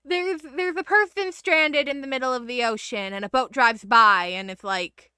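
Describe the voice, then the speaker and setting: A woman giving casual, animated gameplay commentary, blunt and swearing when upset. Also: high-pitched, moderate pace, few pauses, clean tone, no echo, clean studio sound. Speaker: streamer playing a video game.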